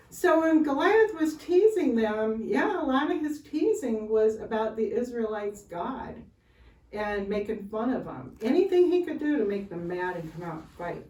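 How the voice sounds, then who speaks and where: A woman telling a Bible story to children at Sunday school, chatty and animated, with asides to the kids. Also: fairly high pitch, normal speed. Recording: roomy, from far off, faint hiss.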